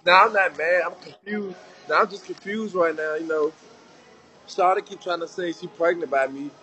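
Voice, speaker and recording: A man's voice: high voice, normal speed, bright, forceful tone, soft background music, low-quality recording. A man chatting casually as a livestream guest, laid-back and hesitant. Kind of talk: casual chat.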